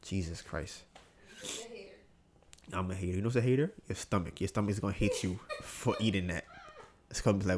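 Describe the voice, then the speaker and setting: A man's voice: low-pitched, brisk, pauses often, noisy background. A young man hosting a podcast, telling a casual story in slangy talk and acting out both sides of it. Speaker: podcast host.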